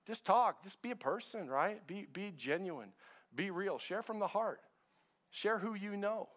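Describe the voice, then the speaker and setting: A man's voice: high-pitched, lively intonation, unhurried, a bit bright. Man preaching a conversational sermon. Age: middle-aged. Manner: conversational preaching, repeats phrases, asks the congregation questions. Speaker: pastor. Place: church sanctuary with a congregation.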